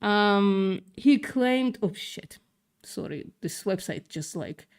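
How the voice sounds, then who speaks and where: A woman's voice: medium pitch, lively intonation, slow pace, clean tone. A woman hosting a livestream, reading news aloud with sarcastic, profane asides, stumbling over words, with a mixed accent that is partly British-tinged. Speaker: livestream host. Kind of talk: casual news reading with commentary.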